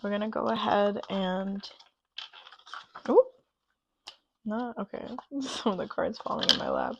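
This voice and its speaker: Gravelly, gushing woman doing a tarot reading. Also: medium pitch, huge pitch swings, unhurried, dull audio, noisy background. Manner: gushing and emotional, many "like" fillers. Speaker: tarot reader. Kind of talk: pick-a-card tarot reading.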